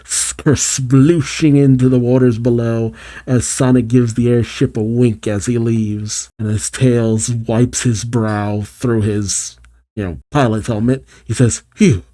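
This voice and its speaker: Very mellow-voiced comic reaction host. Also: male voice, medium pitch, level tone, slow. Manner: casual, chuckling asides. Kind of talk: reading a comic aloud with reactions.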